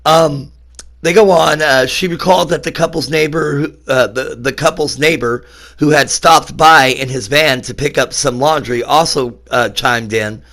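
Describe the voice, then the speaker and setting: Guy vlogging while sick, kinda rough voice, stumbles on names, says uh a lot, pitch a bit high. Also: a little slow, a bit bright. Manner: mock-serious, breaks into disbelief; stumbles over names, lots of fillers. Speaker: YouTuber. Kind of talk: casual vlog commentary.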